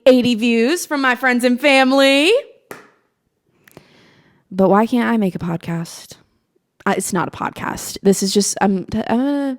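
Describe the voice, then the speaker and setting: A woman in her twenties, a college student from Maryland, talking to the camera in a casual, self-mocking chat with a slight put-on Southern twang and frequent laughs. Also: medium pitch. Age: 20s. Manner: chatty and animated, self-mocking, laughs often. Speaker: vlogger. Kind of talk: casual stream-of-consciousness chat.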